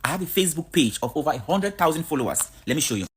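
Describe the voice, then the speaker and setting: A woman's voice: low-pitched, sing-song, very fast, husky. A woman from Cameroon, giving a blunt, outspoken vlog monologue. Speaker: vlogger.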